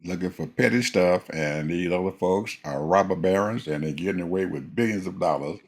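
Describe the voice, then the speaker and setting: A man's voice: deep voice, fairly quick. A man in casual conversation who speaks emphatically, like a preacher, and addresses listeners as folks.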